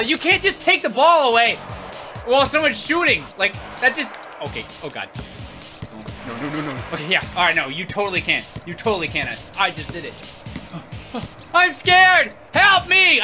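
A man streaming a video game, giving loud, jokey commentary and often shouting at the game. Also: very high voice. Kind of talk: excitable gameplay commentary.

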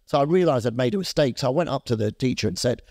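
A man's voice: medium pitch, fast talker, no echo, clean studio sound. A man in his fifties from Scotland, a fashion founder telling a long story as an interview guest, full of fillers and restarts. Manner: rambling, lively storyteller with many fillers and restarts.

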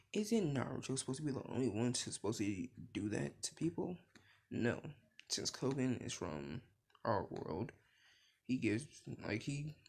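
A man's voice: mid-range voice, gravelly. A man casually retelling a fan story he made up, rambling, losing his thread and swearing now and then.

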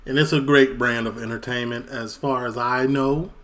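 A man's voice: medium pitch, fairly even intonation, moderate pace, fairly bright tone. A man from Chicago giving casual reaction commentary with joking, laughing asides. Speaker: reaction video host.

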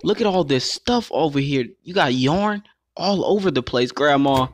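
A man giving playful let's play commentary, excitable and talking straight to his viewers as he plays. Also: on the high side, moderate pace. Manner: excitable, calls himself "your boy", keeps addressing viewers as guys. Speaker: gaming YouTuber.

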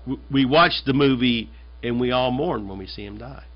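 A man's voice: mid-range voice, normal speed. A man from the United States, a pastor, preaching a conversational and emphatic sermon, often repeating his phrases. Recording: dull lo-fi sermon recording.

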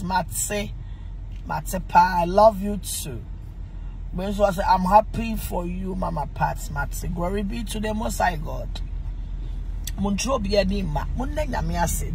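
A woman's voice: medium pitch, lively intonation, unhurried, long pauses, a little hiss or hum, poor audio. A Ghanaian woman pastor talking casually on a phone live stream, exclaiming, reading viewer comments aloud and breaking into bits of song.

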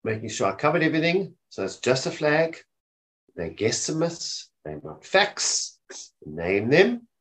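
A man's voice: a little high, big pitch swings, measured pace, gravelly, fairly bright tone. A man presenting a casual webinar on mental health, often checking in with his listeners by asking "okay?". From South Africa. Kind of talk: informal talk on mental health. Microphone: webinar microphone.

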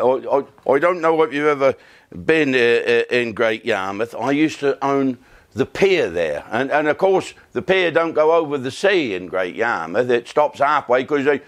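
An older comedian with a rambling, profane, self-mocking delivery. His voice rises and falls a lot as he storytells in a casual monologue. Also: medium pitch.

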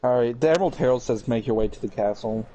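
A young man chatting casually while playing an online co-op game, offhand and distracted, talking fast in bursts. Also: mid-range voice, dark tone, a little hiss or hum, poor audio. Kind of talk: casual gaming chat.

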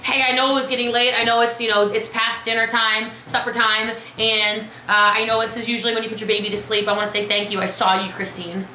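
A woman coaching her team on a live video, chatty and lively, calling out viewers by name. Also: fairly high pitch, fast, few pauses, echoey room, a little hiss or hum, low-quality recording. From Texas. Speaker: business coach.

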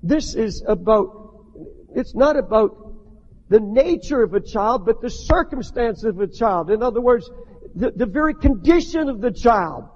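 An older man preaching a sermon as a pastor, impassioned, rising to shouts, with many restarts. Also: high voice, animated, measured pace. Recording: dull archival recording in a long-echo hall.

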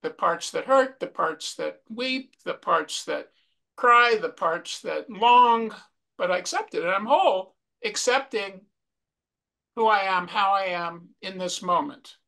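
A man presenting a mindfulness workshop from slides, speaking slowly and reflectively and repeating key phrases. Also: sits high, lively intonation, creaky, pushed and bright. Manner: slow, repetitive, reflective delivery.

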